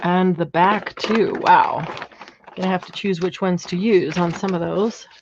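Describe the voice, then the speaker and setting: A woman hosts a craft livestream from her home craft room, her voice fairly low. She chats as she works, thinking aloud and admiring what she finds. The audio is dull and lo-fi, with faint noise behind her. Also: fairly even intonation, a little slow. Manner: chatty, admiring, thinks aloud while working. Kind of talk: casual craft chat.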